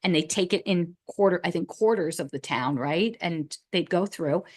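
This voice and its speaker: In a meeting room, a woman on a town meeting committee talks through the issue discursively, thinking aloud and rambling with many restarts and "like." Her voice is on the low side and darkish, at normal speed.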